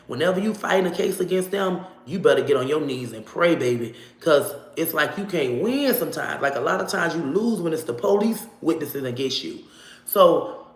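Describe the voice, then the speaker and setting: A woman telling a personal story to camera in a casual, animated way, swearing freely and acting out what people said. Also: sits low, normal speed, echoey room. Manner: animated, profane, acts out dialogue.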